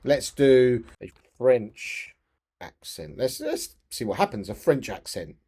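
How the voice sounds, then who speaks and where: A man talking teachers through a software tutorial in a chatty, step-by-step way. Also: mid-range voice, wildly swooping pitch, slow, husky. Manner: chatty, step-by-step, frequent restarts. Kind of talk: screen-share tutorial narration.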